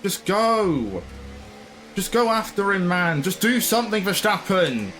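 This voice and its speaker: A man's voice: sits high, very animated, a little slow, a bit bright, soft background music. A man commentating his own racing game, frustrated and ranting. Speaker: gaming channel host.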